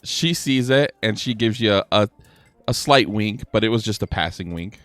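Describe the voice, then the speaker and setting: A man's voice: fairly low pitch, expressive, moderate pace. A man narrating a tabletop game as dungeon master, casual and often restarting his sentences. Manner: casual, laughing, with many restarts.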